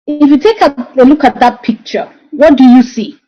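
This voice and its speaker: A woman speaks in a slightly high voice over a dull, lo-fi video call. She talks through a webinar presentation, telling stories from her work and pausing often on "um". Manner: warm storytelling with frequent um fillers. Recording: dull lo-fi online call audio.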